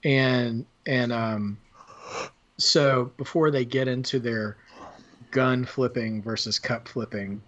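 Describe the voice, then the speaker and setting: A man's voice: medium pitch, steady tone, takes it slowly, a bit bright. A man co-hosting a podcast, chatting casually about a film in a rambling way with many fillers and restarts. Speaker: podcast co-host. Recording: dull lo-fi sound.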